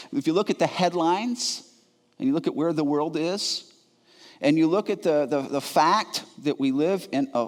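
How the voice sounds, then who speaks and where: A man preaching a sermon, telling a self-mocking story with animated delivery and frequent stammered restarts. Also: fairly high pitch. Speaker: pastor. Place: church sanctuary. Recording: reverberant church hall.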